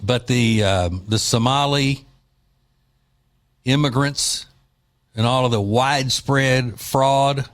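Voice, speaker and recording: A man's voice: mid-range voice, slow, long pauses. A man hosting a talk radio show, speaking in a loose, joking, opinionated way with plenty of fillers, recorded on a studio mic.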